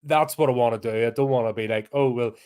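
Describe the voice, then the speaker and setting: A man's voice: mid-range voice, fast, a little mellow, smooth. A man with a Northern Irish accent, co-hosting a podcast and ranting bluntly in casual chat, with the odd swear word. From Northern Ireland. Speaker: podcast co-host.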